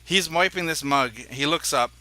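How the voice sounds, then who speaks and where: A man's voice: a little high, normal speed, pushed and bright, rough recording. A man narrating as dungeon master in a tabletop game, describing scenes in a rambling, hesitant way with many fillers.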